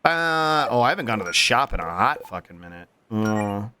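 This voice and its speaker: A man's voice: lowish voice, very animated, normal speed, pushed and bright, slight background noise. A man streaming a role-playing game, goofing around, swearing, and humming nonsense syllables. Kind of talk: casual game commentary.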